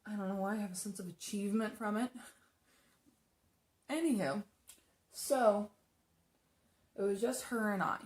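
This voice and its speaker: A young woman chatting casually as she tells a story while doing her makeup, rambling with lots of fillers and restarts. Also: lowish voice. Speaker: makeup vlogger.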